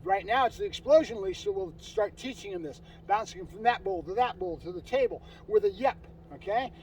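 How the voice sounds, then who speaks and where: A high-voiced man explains dog training in an emphatic, informal way, often tagging his points with "right?". He stands some distance from the microphone outdoors. Faint traffic hums in the background. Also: very animated, a little fast, creaky. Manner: emphatic, keeps asking "right?".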